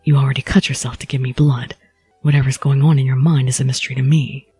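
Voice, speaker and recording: A woman voicing a reserved young male swordsman in a low, flat, formal manner. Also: fast talker, slightly rough, faint music behind, full character voice. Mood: stern, reserved.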